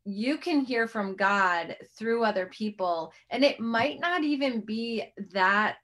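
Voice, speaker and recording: A woman's voice: fairly high pitch, animated, takes it slowly, fairly bright tone. A middle-aged woman hosting a faith-based interview, talking earnestly and rambling a little with restarts and fillers. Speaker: host.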